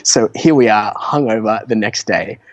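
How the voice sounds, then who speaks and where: Young guy guest rambling through stories, kinda low voice, lots of ums and laughs, dry close mic. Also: normal speed, dry recording. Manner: animated, laughs often, many fillers and restarts. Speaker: podcast guest, entrepreneur. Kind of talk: casual storytelling interview.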